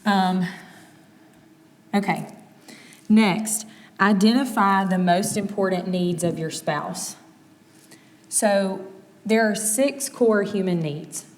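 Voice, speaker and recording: A woman's voice: mid-range voice, slow, long pauses. Candid woman teaching in a reverberant hall. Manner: candid, animated, acts out quoted exchanges. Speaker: speaker teaching on marriage. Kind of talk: conversational teaching talk. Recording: long reverb of a large hall.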